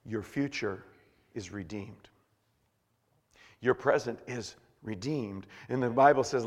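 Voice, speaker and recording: A male pastor preaching a sermon, swinging from hushed, slow words to shouted bursts. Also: extremely high pitch, animated, in a large hall.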